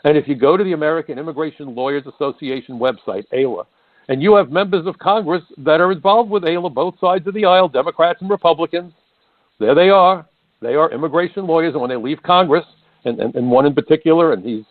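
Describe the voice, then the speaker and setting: A man's voice: a little high, dry recording. Emphatic older man on talk radio. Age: 60s. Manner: emphatic, sarcastic, mimics politicians in mocking voices. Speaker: radio talk show host. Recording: dry, phone-like narrow sound.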